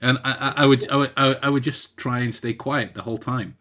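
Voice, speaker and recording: An English man co-hosting a casual podcast chat, tripping over his words in quick restarts and laughing along. His tone is bright and forceful at a mid pitch. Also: steady tone. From England. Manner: stammering restarts, playful and laughing. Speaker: podcast co-host.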